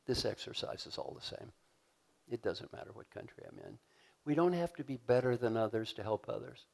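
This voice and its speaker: A man giving a live leadership seminar in a large conference hall, energetic and joking as he leads the audience in call-and-response. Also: mid-range voice, fairly quick, gravelly. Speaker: leadership coach and keynote speaker. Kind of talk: live motivational seminar talk.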